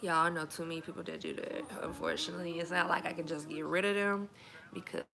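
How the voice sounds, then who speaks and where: A woman's voice: fairly low pitch, steady tone, quick pace, vocal fry, bright, forceful tone, slight background noise. A young woman, chatting candidly and emphatically to camera as a single mom. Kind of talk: casual chat to camera.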